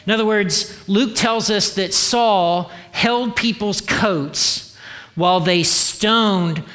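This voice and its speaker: High, bright-voiced pastor preaching. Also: male voice, slow. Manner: humorous, animated storytelling with acted-out dialogue. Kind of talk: sermon.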